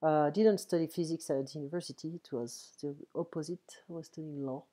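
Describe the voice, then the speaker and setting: A French-accented woman teaches French over an online call, pausing often to check understanding. Her voice sits low and sounds soft and mellow. She talks at home into a computer mic. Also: steady tone. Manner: explains slowly, switching between French and English, with frequent "ok". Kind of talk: casual one-on-one French lesson.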